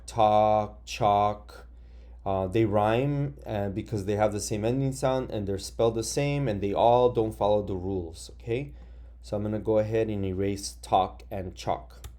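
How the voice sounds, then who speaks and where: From his office, a male teacher records a phonics lesson for young children, patiently and slowly spelling out words letter by letter. His voice is on the low side and mellow.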